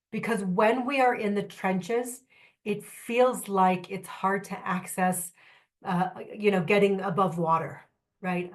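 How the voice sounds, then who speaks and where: Lively woman trainer addressing a room. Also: mid-range voice. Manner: lively, candid, joking asides. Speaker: trainer presenting at a symposium. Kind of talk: workshop talk to a live audience.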